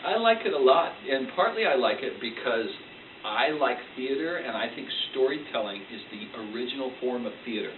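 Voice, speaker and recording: A man who tells stories for a living talks in a playful, animated way. He sits at some distance from the mic in an echoey library. The sound is thin and phone-like, with steady background noise. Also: mid-range voice, brisk. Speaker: storyteller being interviewed. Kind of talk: casual interview answers. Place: school library. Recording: tinny, distant, echoey and noisy.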